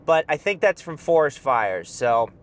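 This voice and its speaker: A man's voice: on the high side, big pitch swings, unhurried, a little hiss or hum. A young man rambling and joking through a casual driving vlog from inside his car. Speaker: vlogger.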